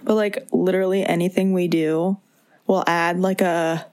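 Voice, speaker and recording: A woman's voice: fairly low pitch, flat delivery, normal speed, darkish tone. A young woman co-hosting a podcast, earnest and playful in casual chat, laughing easily. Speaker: podcast co-host.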